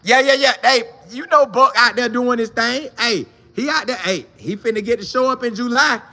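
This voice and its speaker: A man hosting a sports talk show, chatting casually and answering viewer comments in a slangy, repetitive, animated way. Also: very high-pitched, normal speed.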